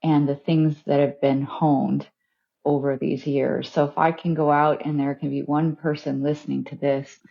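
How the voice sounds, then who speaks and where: Low gravelly woman, reflective guest. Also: level tone, normal speed, highs cut off. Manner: musing, with many fillers and soft laughs. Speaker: guest, financial firm founder and author. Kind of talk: reflective interview conversation.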